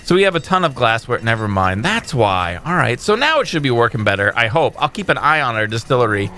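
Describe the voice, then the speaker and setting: A young man casually commentating his own gameplay with animated, exasperated outbursts and frequent fillers. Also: mid-range voice, fairly quick, slight background noise. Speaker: gaming channel host.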